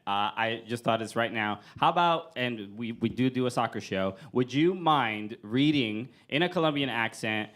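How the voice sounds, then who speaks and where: A man's voice: medium pitch, animated, moderate pace, few pauses, a bit bright. A man hosting a podcast, chatting casually and thinking aloud with hesitant fillers. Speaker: podcast host.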